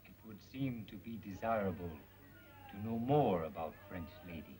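An actor playing a watchful male agent who speaks stilted, broken English in formal proverbs, calm and sly, in 1930s film acting. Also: lowish voice, moderate pace, natural voice, poor audio.

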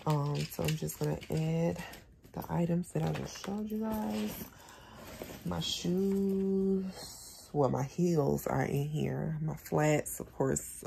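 A woman's voice: sits low, creaky, dark tone, slight background noise. A young adult woman vlogging casually from her bedroom at home, chatty and rambling, talking with her retainers in. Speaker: lifestyle vlogger. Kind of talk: casual vlog chat.

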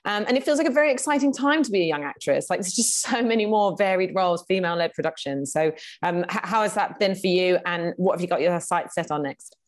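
Fast-talking woman interviewer. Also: on the low side, lively intonation. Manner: friendly, chatty, with many hedges and fillers. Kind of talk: casual interview questions.

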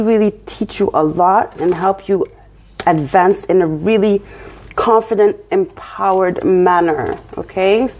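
A woman's voice: mid-range voice, darkish tone, breathy edge. A woman with a French accent giving a casual tarot reading, encouraging and often checking in with her listener. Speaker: tarot reader.

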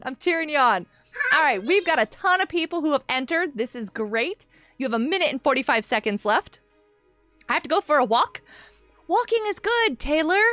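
Bubbly lady streamer chatting w her viewers, high bright voice that bounces all over, dry close sound. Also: no room sound. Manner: bubbly, gushing, greets chatters by name. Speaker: streamer hosting a game night. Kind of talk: live game stream chat with viewers.

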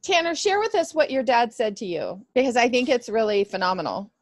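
A woman host with a fairly high, lively voice, prompting her guest to share his story. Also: fairly quick.

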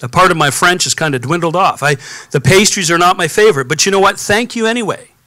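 A man's voice: sits high, fast talker, pushed and bright, no room sound. A man preaching a conversational sermon, reading scripture and adding personal stories and rhetorical questions. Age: adult, has children. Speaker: pastor.

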